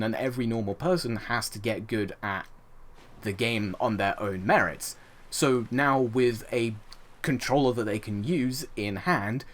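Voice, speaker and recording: A young man hosting a let's play, ranting over gameplay with indignant rhetorical questions and the odd swear. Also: fairly low pitch. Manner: frequent fillers and restarts, swears.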